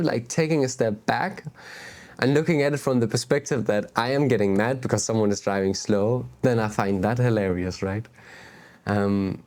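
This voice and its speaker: Candid man musing outdoors. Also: mid-range voice. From Denmark. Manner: candid, animated, swears and laughs at himself. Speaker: spiritual vlogger. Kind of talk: casual spiritual talk to camera. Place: outdoors on a beach.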